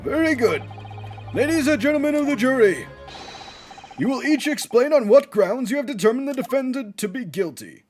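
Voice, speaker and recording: A stern old judge presides, choosing formal, measured words, as a man voices him for a game. His pitch rises and falls a lot as he addresses the court. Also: expressive, darkish tone, soft background music.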